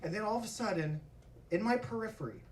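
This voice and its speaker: A man telling a stand-up story on a comedy club stage, profane and animated, often breaking into laughter. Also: high-pitched, fast, recorded from a distance. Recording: echoey club miked from afar. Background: audience laughter.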